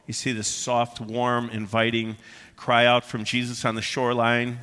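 A man preaching a sermon in a bright, forceful voice, his delivery emphatic yet conversational and sprinkled with "uh" fillers. His voice rings out with the long reverb of a big church hall. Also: mid-range voice, completely flat delivery, moderate pace, clear, resonant tone. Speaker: pastor.

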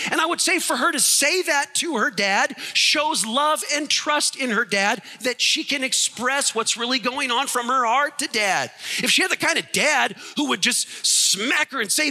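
A man preaching a sermon, animated and acting out the voices in his stories. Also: extremely high pitch, big-room sound. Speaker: pastor.

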